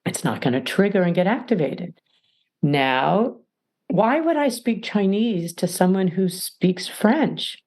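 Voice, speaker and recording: A woman's voice: on the low side, animated, slow pace, darkish tone. A middle-aged woman, a mediator and podcast guest, giving emphatic advice and acting out little scenes as she explains. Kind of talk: animated advice talk.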